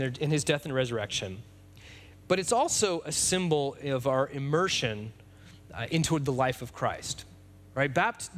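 A man preaching a sermon in a relaxed, conversational way, with fillers and restarts. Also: a little high. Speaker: pastor.

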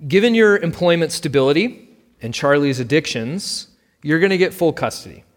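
A man's voice: fairly high pitch, lively intonation, normal speed, voice pushed up, lightly acted. A man voicing a careful, offhand male attorney who chooses his words with hesitation in a storybook reading, with long hall reverb. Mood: measured.

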